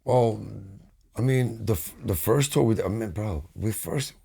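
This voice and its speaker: A middle-aged man with a New York accent talks in a low, gravelly voice. He tells stories loosely and rambles, dropping curses and calling people "bro" and "man" as he goes, like a guest chatting on a podcast. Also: lively intonation, unhurried, mellow. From United States. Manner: rambling, profane storytelling with frequent "bro" and "man". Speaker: podcast guest, band vocalist. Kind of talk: casual chat.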